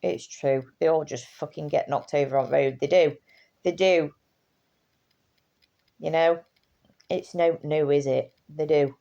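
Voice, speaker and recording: A woman's voice: deep voice, steady tone, a little slow, gravelly, long pauses, dark tone, muffled recording. A tired woman, rambling in casual chat to her camera and swearing freely. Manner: chatty, swears casually, trails off and restarts. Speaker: vlogger.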